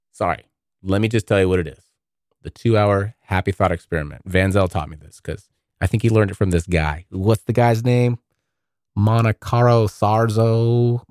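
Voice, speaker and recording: A man's voice: on the low side, no echo, clean studio sound. A man hosting a podcast, rambling through a casual monologue full of profanity. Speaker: podcast host.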